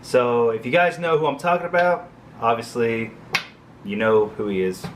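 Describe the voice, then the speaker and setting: A man in his thirties recounts a story from his time as an Air Force crew chief, rambling through it with fillers and joking asides. His voice sits at an ordinary middle pitch. A faint hum of background noise runs under the recording. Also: lively intonation, moderate pace. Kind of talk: casual storytelling vlog.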